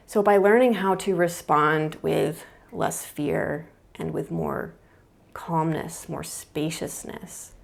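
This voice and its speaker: Young adult woman, therapist, lowish gravelly voice, casual thoughtful explainer with fillers. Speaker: mind-body therapist. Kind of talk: explaining at a whiteboard.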